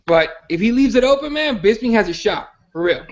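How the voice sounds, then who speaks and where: High-voiced man rambling on a podcast. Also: animated, brisk, muffled recording. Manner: rambling, profane, stumbles over restarts. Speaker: podcast host. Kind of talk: casual MMA chat.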